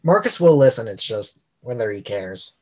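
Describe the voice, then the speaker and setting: A man's voice: mid-range voice, expressive, moderate pace, darkish tone, highs cut off. A man taking part in a casual tabletop role-play discussion, thinking aloud and finishing others' sentences. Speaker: player.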